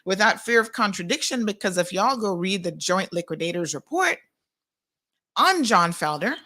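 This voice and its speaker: A middle-aged woman hosting a live commentary, talking in a sarcastic and animated way. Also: mid-range voice, moderate pace. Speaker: host.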